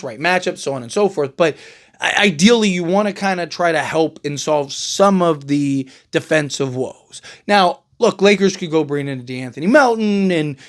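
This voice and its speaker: A man with a fairly high speaking voice riffs through casual basketball commentary as a show host. He talks in a loose, conversational way, stumbling into restarts and tossing in "right?" to keep the listener with him. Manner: conversational, many fillers and restarts, rhetorical "right?" tags. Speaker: sports podcast host.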